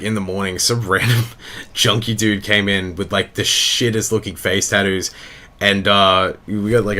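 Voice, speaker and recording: A man's voice: on the low side, bright, forceful tone. A young man from Sydney with an Australian accent, hosting a casual reaction chat and swearing a lot and laughing often. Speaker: podcast host.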